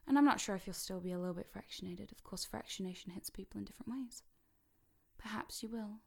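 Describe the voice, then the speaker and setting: A woman guiding a hypnosis session, dropping to slow whispers to sink the listener and lifting her voice to wake them, counting slowly. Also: medium pitch, creaky, slightly rough. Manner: switches between sinking whispers and bright rising calls.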